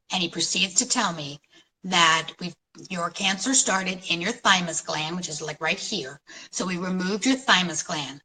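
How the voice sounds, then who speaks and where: A middle-aged woman from New York City telling her story at a conference in an animated, storytelling way, with dramatic pauses. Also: fairly low pitch, rough recording. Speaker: conference speaker. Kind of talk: inspirational talk.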